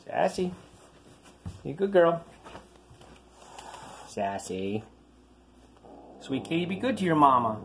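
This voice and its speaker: A woman talks to her cats in a coaxing baby-talk voice, with a lowish voice that swoops high whenever she calls them over. Her pitch moves a lot, and a faint noise sits under the home recording. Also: very animated, measured pace, pauses often. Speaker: pet owner filming her cats. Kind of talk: cooing baby talk to pets. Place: house with pets.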